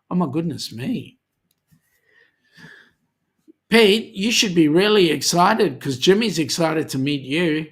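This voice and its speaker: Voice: mid-range voice, animated, normal speed, breathy edge. An Australian host chatting casually on a live cruising stream, reading viewer comments aloud with plenty of ums and friendly banter.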